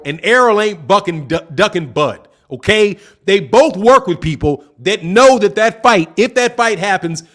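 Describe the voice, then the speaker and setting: A man with a very high, lively voice that swings up and down as he rants. He speaks, argumentative and profane. He hammers his points home by repeating them. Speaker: boxing channel host. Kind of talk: heated opinion rant.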